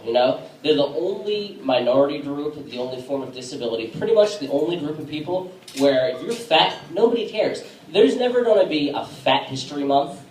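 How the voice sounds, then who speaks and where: Halting stand-up comic in an echoey bar. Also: male voice, fairly high pitch, slight background noise. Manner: casual, halting delivery with many fillers. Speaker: stand-up comedian. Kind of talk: stand-up comedy set. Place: comedy bar stage. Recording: echoey room from a distance.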